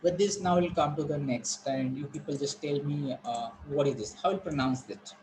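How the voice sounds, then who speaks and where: A man's voice: on the high side, moderate pace, background noise. A man with an Indian English accent teaching an online class, explaining words and repeating them for students. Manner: instructive, repeats words, asks students questions.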